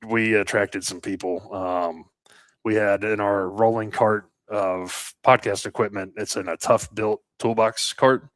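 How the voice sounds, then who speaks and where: A man's voice: on the low side, fairly even intonation, unhurried, a bit bright, no echo. A man telling stories in a casual podcast chat, rambling with fillers and restarts and swearing casually. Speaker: podcast co-host and landscaping business owner.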